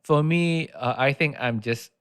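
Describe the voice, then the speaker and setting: Nervous fast-talking man on a podcast. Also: mid-range voice, clean tone. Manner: fast, nervous, stumbling restarts. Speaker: podcast co-host. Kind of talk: casual podcast chat.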